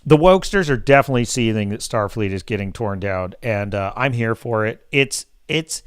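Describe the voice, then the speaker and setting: A man's voice: on the low side, animated, moderate pace, smooth, no echo, clean studio sound. A man hosting a live podcast, ranting in a crude, sarcastic, exasperated tone. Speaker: podcast host. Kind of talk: casual live-show rant.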